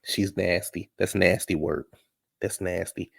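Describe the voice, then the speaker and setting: A man's voice: deep voice, little pitch movement, measured pace, vocal fry, no echo, clean studio sound. A man recapping a reality show in casual, blunt, profane commentary.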